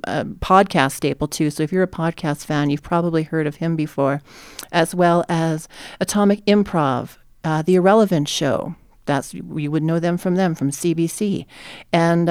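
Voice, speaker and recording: Woman podcast host, from New Jersey, chatty, self-deprecating, smooth voice, dry sound. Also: fairly low pitch, darkish tone, dry recording. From New Jersey, USA. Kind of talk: casual podcast chat.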